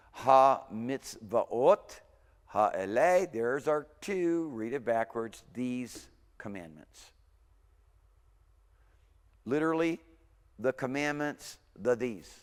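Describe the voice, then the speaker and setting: A man's voice: medium pitch, clear, resonant tone, big-room sound. A man giving an informal language lecture, thinking aloud and often correcting himself. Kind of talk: recorded university lecture.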